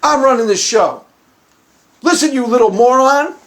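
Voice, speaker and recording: A man's voice: extremely high pitch, normal speed, a bit bright. A man voicing a cruel male boss who mocks a child and makes threats, delivered in a sneering tone. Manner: sneering, mocking.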